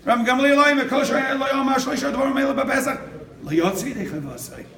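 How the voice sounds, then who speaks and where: An older man gives a lively sermon, acting out the people in his stories. His voice sits very high, and he is heard from a distance across a roomy, echoing hall. A faint hum of background noise lies under him. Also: fast talker. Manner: animated, acts out quotes, laughs often. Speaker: rabbi. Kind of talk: sermon with storytelling. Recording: echoey room from far off.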